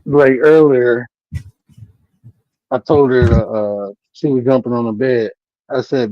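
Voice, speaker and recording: A man co-hosting a live stream who talks in a relaxed, laid-back way and uses a lot of slang. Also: mid-range voice, a little slow, pauses often, no room sound, lo-fi sound. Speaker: stream co-host. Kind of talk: casual chat. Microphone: streaming mic.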